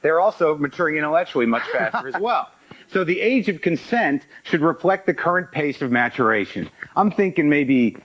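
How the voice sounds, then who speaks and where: A man's voice: on the high side, animated, moderate pace. A man comedian on a panel show, making a mock-earnest argument that builds to a twist. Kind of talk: stand-up style bit. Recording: dull lo-fi TV recording.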